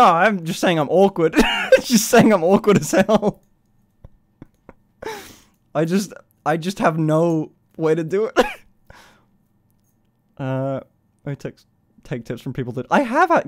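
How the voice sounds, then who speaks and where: A man's voice: on the high side, big pitch swings, moderate pace, pauses often. A man in his twenties chatting casually on a live stream, swearing freely, laughing often and rambling in a self-conscious way. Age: 20s.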